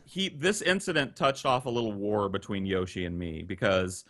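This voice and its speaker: A man's voice: lowish voice, normal speed. A man telling a crude anecdote on a podcast, swearing freely and acting out the voices of the people in his story, heard over a video call. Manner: profane, animated, acts out quoted voices. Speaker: guest storyteller.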